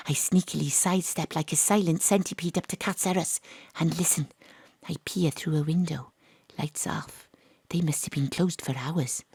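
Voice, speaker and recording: A brisk female sleuth tells her own story in a radio drama. Her voice sits low and a little husky, and it often sinks to a hush. The sound is close and dry. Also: no room sound, full character voice. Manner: hushed, secretive narration. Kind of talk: first-person radio drama narration. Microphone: home studio mic.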